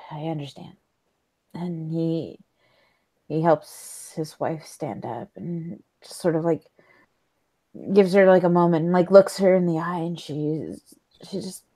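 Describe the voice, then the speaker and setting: Woman GM, low and unhurried, mellow tone, halting delivery with many fillers. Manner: hesitant, full of likes and ums. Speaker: game master. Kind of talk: narrating a tabletop game.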